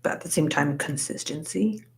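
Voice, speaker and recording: A young woman with a low, gravelly voice talks casually to her live stream viewers as she crochets. She rambles in a relaxed way, full of "like" and "you know", and greets people from the chat by name. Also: moderate pace. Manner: chatty, says "like" a lot, reads out chat names.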